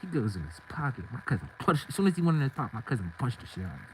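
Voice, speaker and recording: A man's voice: medium pitch, sing-song, very fast, a little hiss or hum, rough recording. A man telling a story from his own life in casual street slang, acting out the scenes as he goes.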